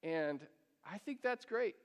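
A man's voice: high-pitched, lively intonation, slow. A male pastor preaching a sermon, earnest and pleading, drawing the congregation into reading along. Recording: long hall reverb.

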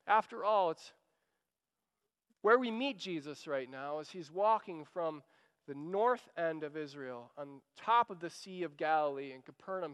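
A man's voice: fairly high pitch, a bit bright, clean tone, big-room sound. A man preaching a sermon, earnest and urging, often repeating a phrase as he pleads. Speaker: pastor.

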